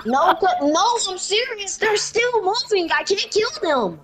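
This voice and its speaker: A young woman in casual gaming chat, blunt and quick with exclamations. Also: very high-pitched, very animated, fairly bright tone, slight background noise. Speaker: gamer.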